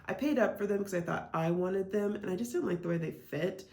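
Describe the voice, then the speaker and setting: A woman's voice: mid-range voice, brisk, gravelly, warm tone. A woman from Iowa, chatting casually as a reselling vlogger, full of "like" and "um" fillers. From Iowa, United States. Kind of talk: casual vlog chat. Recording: echoey room.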